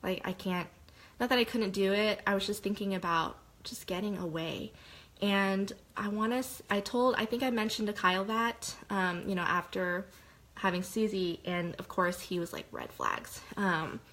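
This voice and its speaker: A young woman tells her story straight to camera, her voice sitting at an ordinary middle pitch. She talks openly and heartfelt, wandering through her thoughts with plenty of fillers. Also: steady tone, normal speed, a bit bright, poor audio. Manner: candid, heartfelt, rambling with lots of "like". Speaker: direct-sales consultant. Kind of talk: personal testimonial monologue.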